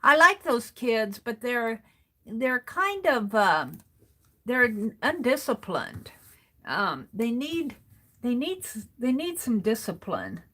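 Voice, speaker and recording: A woman's voice: fairly high pitch, very animated, slow, bright, forceful tone. A woman hosting a crafting livestream, rambling through a casual story as she works and chuckling often between sentences. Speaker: art journaling livestream host.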